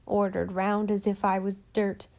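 A woman voicing a hoarse, rambling old countrywoman. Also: mid-range voice, monotone, unhurried, a little mellow. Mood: folksy chatter. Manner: rambling homespun talk with rustic grammar. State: hoarse from a cold. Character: chatty lonely old countrywoman, folksy and kindly.

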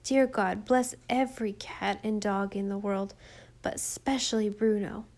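A woman voicing an eager, warm-hearted young boy in a storybook reading. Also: mid-range voice, fairly even intonation, a little slow, natural voice.

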